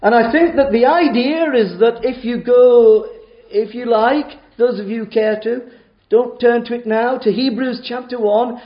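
A man with a high voice preaches a sermon in a roomy church, the sound a little dull. He presses his points with rhetorical questions and rises and drops sharply in loudness. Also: steady tone, moderate pace. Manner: emphatic, rhetorical questions, wide swings in loudness.

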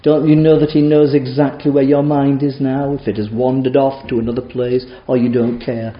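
A man preaching a sermon, emphatic and full of rhetorical questions, with sharp rises and drops in loudness. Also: mid-range voice, little pitch movement, moderate pace. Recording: roomy, dull church sound.

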